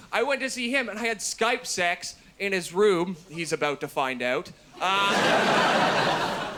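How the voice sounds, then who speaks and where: A man in his thirties performing a stand-up comedy set with dark, deadpan jokes, muttering his asides and shouting his punchlines. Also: heavy background noise. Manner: drops to a low mutter for asides. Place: comedy stage before a live audience.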